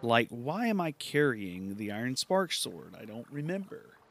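Male gaming podcaster, mid-range pitch, loose self-amused rambling commentary. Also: big pitch swings, measured pace, a bit bright, slight background noise. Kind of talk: casual gameplay commentary.

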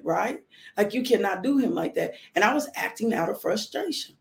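A middle-aged woman speaks about faith and raising her children in an earnest, heartfelt testimony. Her voice carries a gravelly fry at mid pitch, and she circles back on her phrases to drive each point home. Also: lively intonation, moderate pace. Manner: earnest, repeats phrases for emphasis. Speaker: mother sharing faith and parenting lessons. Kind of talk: personal testimony talk.

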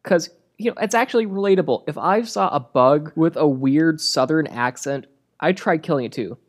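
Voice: medium pitch, moderate pace. A movie reviewer delivering a comedic rant in a sarcastic, crude and exasperated way.

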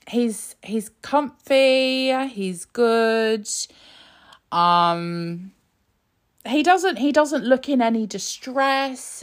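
Woman ranting on her politics podcast, takes her time, sarcastic, swears a lot. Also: a little high. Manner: sarcastic, swears a lot, laughs and goes off on tangents. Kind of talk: casual political commentary.

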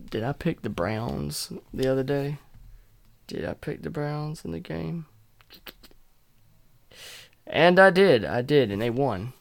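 A man's voice: medium pitch, no echo, studio quality. A young man hosting his own podcast, chatting casually, rambling, joking crudely and laughing often. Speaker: podcast host. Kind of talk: casual solo podcast chat.

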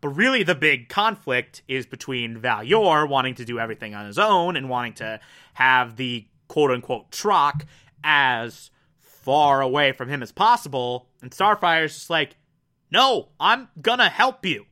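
A man casually reviewing a cartoon episode, animated and emphatic, with mocking asides. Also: mid-range voice, measured pace, smooth.

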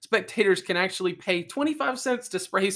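A man with a fairly high voice co-hosts a relaxed podcast. He reads out facts, then drifts into jokes and small asides. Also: brisk. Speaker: podcast co-host. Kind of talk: casual chat.

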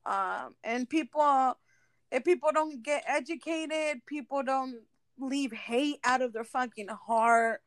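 A woman's voice: high voice, takes it slowly, no room sound. A woman co-hosting a podcast in casual chat, emphatic, with lots of fillers and swearing. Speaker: podcast co-host.

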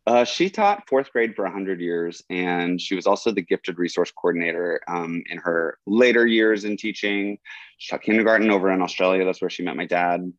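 Podcast guest: a low-voiced man, rambly and thoughtful, dull and dry sound. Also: normal speed, no echo. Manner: rambling, reflective, full of "like" and "um". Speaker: college teacher. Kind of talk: casual conversation. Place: in Oklahoma.

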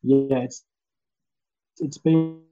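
A man with a Birmingham accent, a police officer chatting casually as a podcast guest over a video call, relaxed and full of restarts. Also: mid-range voice, extremely slow, faint music behind. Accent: Birmingham (Brummie). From Birmingham, England. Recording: slightly dull video-call audio.

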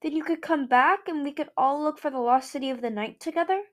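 Moon, a gentle young she-dragon read by a woman. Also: high voice, fast, pitched above the performer's own voice, natural voice. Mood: hopeful. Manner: soft and earnest.

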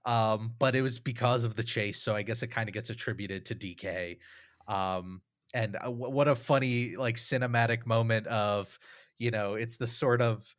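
A man's voice: medium pitch, steady tone, moderate pace, dry recording, studio quality. A man co-hosting a podcast, talking through a film in a casual, thoughtful, rambling way with many fillers. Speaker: podcast co-host.

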